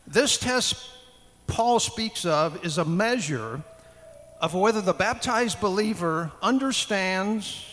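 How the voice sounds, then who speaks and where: A man's voice: high voice, lively intonation, takes it slowly, a bit bright. A man preaching a sermon to a congregation in a conversational way, often putting questions to his listeners. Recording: long hall reverb.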